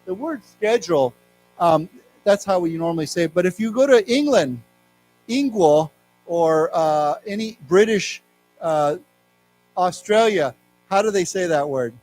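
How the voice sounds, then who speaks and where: A middle-aged man with an American accent teaching an English lesson, explaining words and reading news aloud slowly. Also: high voice, expressive, a little mellow, soft background music, rough recording. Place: library lecture room.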